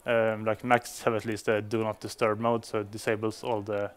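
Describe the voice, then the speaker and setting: A man's voice: fairly low pitch, flat delivery, normal speed. A man giving a conference talk to developers, speaking English as a non-native speaker, with frequent fillers and restarts. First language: Swedish. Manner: hesitant, many fillers and restarts.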